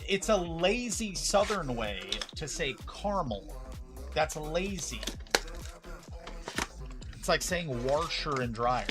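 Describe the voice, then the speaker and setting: A man hosting a live card-break stream, chatting casually and arguing his opinions with lots of restarts. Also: mid-range voice. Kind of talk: casual livestream chat.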